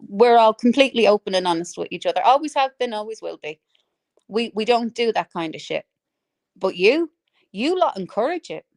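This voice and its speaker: A woman on a livestream, cutting and angry as she rants at her critics. Her voice sits a touch high for a woman. The sound is dry and close, with no room around it. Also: no room sound. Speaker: livestream host. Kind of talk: ranting livestream monologue.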